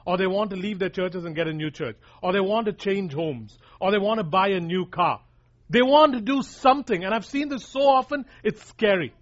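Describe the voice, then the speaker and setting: A man's voice: high voice, normal speed. A man preaching a sermon, pressing his points hard and repeating key lines for emphasis while calling his listeners "guys.". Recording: dull lo-fi recording.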